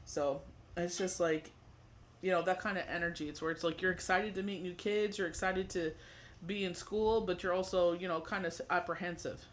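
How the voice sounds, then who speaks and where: High-voiced man rambling through a tarot reading. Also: fairly even intonation, normal speed. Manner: rambling, heavy on "you know" fillers; alternates loose chat with read-out card meanings. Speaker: tarot reader. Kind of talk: casual tarot forecast reading.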